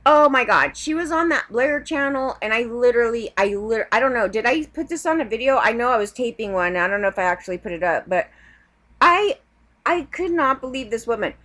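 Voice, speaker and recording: High-voiced woman on a heated rant. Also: lively intonation, a little fast, fairly bright tone. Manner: heated, profane, rambling rant. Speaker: vlogger. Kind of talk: ranting vlog.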